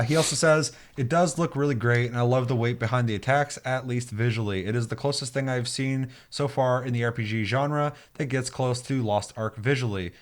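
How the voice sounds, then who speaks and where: A young man hosting a gaming podcast in casual chat, reading listener comments aloud and telling stories with plenty of swearing. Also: mid-range voice. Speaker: podcast host.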